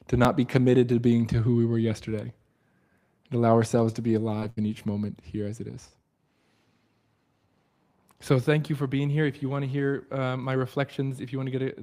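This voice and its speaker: A man hosting a book study livestream, with a mellow, warm tone. He talks earnestly and reflectively and often sinks into a hushed, quiet delivery. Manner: earnest and reflective, often drops to a soft low voice.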